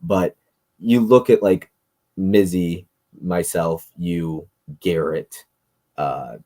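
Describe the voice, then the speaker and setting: A man's voice: sits low, very slow, warm tone. A man in his thirties hosting a casual chat, blunt and opinionated, swearing freely. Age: 30s. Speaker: podcast host.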